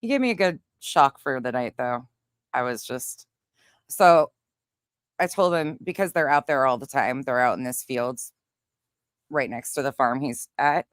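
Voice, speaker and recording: A young woman from Montana, a livestream host chatting casually with viewers and telling a story in a profane, animated way. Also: a bass voice, measured pace, pauses often, no room sound, clean studio sound. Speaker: livestream host reading chat.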